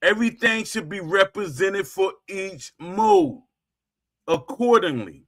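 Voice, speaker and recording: High-pitched guy slowly ranting on his stream, keeps repeating himself for emphasis. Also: sing-song, fairly bright tone. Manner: emphatic and repetitive, circling back to points. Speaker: host of a gaming talk stream. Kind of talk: casual livestream rant.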